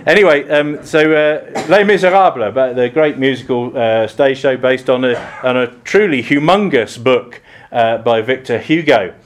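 Middle-aged English vicar, southern accent; relaxed, rambling sermon full of ums and restarts. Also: male voice, mid-range voice, normal speed. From England. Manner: chatty, self-deprecating, many ums and restarts. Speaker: priest. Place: church.

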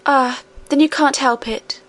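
A woman reading aloud voices a gentle, earnest little princess girl in a storybook. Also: high voice, fairly even intonation, unhurried, voice pushed up. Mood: pleading.

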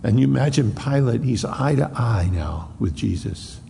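A man preaching an expository sermon, acting out the Bible dialogue in a raised voice and dropping to a hushed tone on solemn lines. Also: medium pitch, lively intonation, moderate pace, gravelly, big-room sound, slight background noise. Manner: acts out the dialogue between Pilate and Jesus in a raised voice. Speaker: pastor.

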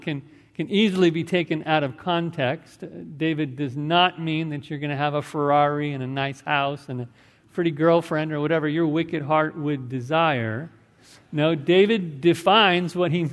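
Male pastor with a slightly high voice, delivering an earnest sermon in an echoing sanctuary. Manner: earnest, measured preaching with scripture reading and prayer. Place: church sanctuary. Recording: church sanctuary with long reverb.

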